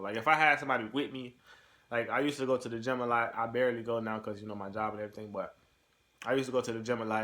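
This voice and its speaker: A young man in the delayed entry program talks casually to his camera, answering tag questions in a loose, profane way full of fillers. His voice is fairly low yet fairly bright, picked up by the camera mic.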